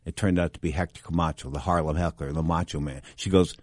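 A middle-aged man hosting a boxing talk show, telling rambling stories full of restarts and asides, and jumping up in pitch for emphasis. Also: fairly even intonation, quick pace, a little mellow, dry recording, studio quality. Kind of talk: casual anecdotal storytelling.

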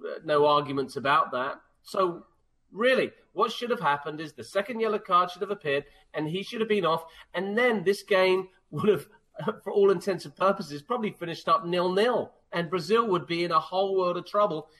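A man's voice: high voice, moderate pace, bright, forceful tone. A man co-hosting a sports talk radio show, giving firm opinions in a dry, matter-of-fact way on a studio mic. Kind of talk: casual sports radio chat.

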